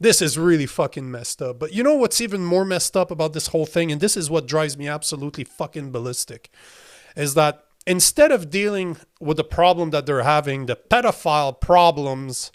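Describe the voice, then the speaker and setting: A man hosting his own show, ranting in a heated, profane way, breaking into incredulous laughs while he reads viewer comments aloud. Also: a little high. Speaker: podcast host. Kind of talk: livestream commentary reading chat.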